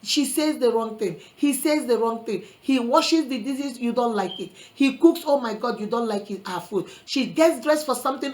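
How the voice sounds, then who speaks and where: High-voiced woman giving preachy love advice. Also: expressive, moderate pace, hardly any pauses, low-quality recording. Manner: earnest, addresses listeners as sister and brother; quotes scripture. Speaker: relationship advice vlogger. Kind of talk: preachy motivational talk.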